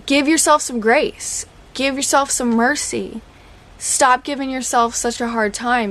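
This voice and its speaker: A woman, talking candidly as a podcast host, chatty and laughing through dark jokes. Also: on the high side. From Oklahoma. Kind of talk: casual personal talk.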